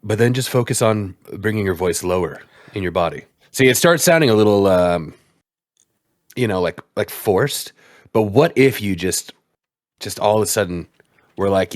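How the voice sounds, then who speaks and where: A man's voice: lowish voice, lively intonation, moderate pace, no room sound, studio quality. A man co-hosting a casual gaming podcast, chatting playfully and rambling with laughs. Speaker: podcast co-host.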